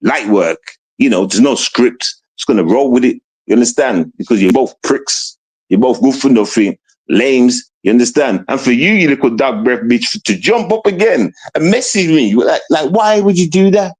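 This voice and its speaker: A British man ranting on a livestream, mocking and confrontational, jumping from raised outbursts to low mutters. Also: lively intonation, normal speed, darkish tone, breathy edge. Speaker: streamer.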